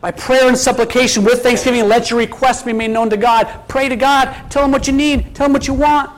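A man's voice: very high voice, steady tone, brisk, poor audio. A man preaching a sermon as pastor, talking casually and putting many questions to his congregation, with scripture quotes mixed in. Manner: quotes scripture at an easy speaking pace.

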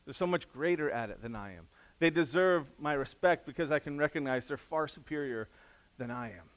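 Man, middle-aged pastor, casual sermon, slightly higher voice, easygoing restarts. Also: a little fast. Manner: casual, conversational preaching with restarts and acted-out quotes; drops to a soft, quiet voice in prayer.

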